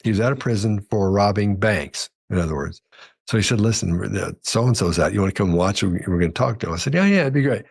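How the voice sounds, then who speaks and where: A man's voice: low-pitched, a little fast, creaky, slightly rough. A man speaking as a podcast guest, telling a long story in a rambling, self-correcting way and acting out the quoted dialogue. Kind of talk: casual storytelling chat.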